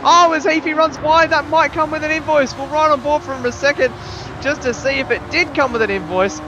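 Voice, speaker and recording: A man commentating a sim race, calling the action play by play and building to excited shouts at big moments. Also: extremely high pitch, brisk. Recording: slightly dull lo-fi mic with faint noise.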